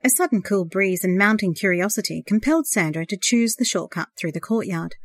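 A woman narrating a novel as an audiobook, in a measured, expressive reading. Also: medium pitch.

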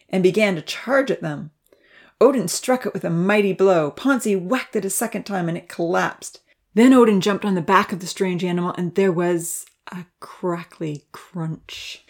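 Woman narrator, low-ish voice, dramatic storybook read-aloud. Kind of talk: children's storybook reading.

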